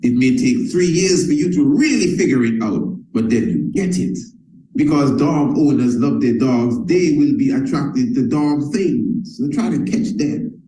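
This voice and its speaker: A man's voice: medium pitch, expressive, a little slow, mellow, echoey room, rough recording. Emphatic man coaching a crowd on sales. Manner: emphatic and repetitive, addresses listeners as family. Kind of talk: motivational sales talk.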